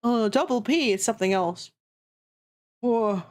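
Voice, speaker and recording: A woman's voice: fairly high pitch, animated, measured pace, darkish tone. A woman streaming, chatting casually and ranting with heavy swearing. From Canada. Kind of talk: casual chat.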